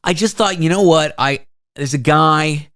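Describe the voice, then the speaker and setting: A man's voice: on the high side, measured pace, fairly bright tone, no echo, studio quality. A man hosting a talk show, telling a travel story in a casual, self-deprecating way. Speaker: radio show host.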